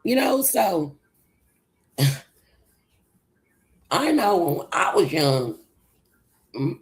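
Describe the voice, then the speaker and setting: A woman with a Southern country accent hosts a casual livestream. She rambles loosely and answers her chat as she goes. Her voice is low, gravelly and sleepy-sounding, and she speaks at an unhurried, drawn-out pace. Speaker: livestream host.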